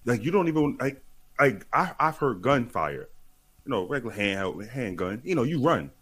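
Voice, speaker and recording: A man from the Bronx telling stories in a casual chat, animated and profane, repeating himself as he goes. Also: mid-range voice, normal speed, breathy edge. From the Bronx, New York.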